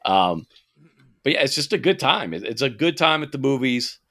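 Bright-voiced man in animated casual chat. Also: medium pitch, moderate pace. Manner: animated, profane, laughing, many fillers and restarts. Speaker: podcast co-host.

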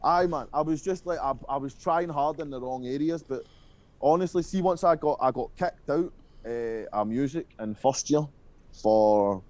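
This guest musician from Scotland is a young man with a mid-range, darkish voice and a moderate pace. In a relaxed interview he wanders through memories of his school days, cursing freely and filling gaps with ums and ahs.

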